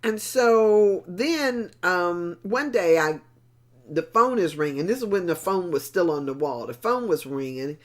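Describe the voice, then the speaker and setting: A woman's voice: on the low side, expressive, a little slow. A middle-aged woman hosting a motivational talk, telling a story in a conversational way and repeating words for emphasis. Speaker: motivational talk show host.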